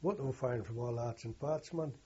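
A man's voice: mid-range voice, brisk, mellow, husky, lo-fi sound. An older man, recalling his wartime experience in a rambling, earthy way and correcting himself as he goes. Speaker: war veteran interviewee. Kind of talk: oral history recollection.

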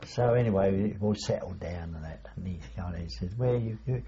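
A man's voice: low-pitched, fairly quick, gravelly, warm tone, a little hiss or hum. An older man recalling wartime memories in an oral history interview, rambling and hesitant, chuckling as he remembers. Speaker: veteran interviewee. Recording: dull lo-fi recording.

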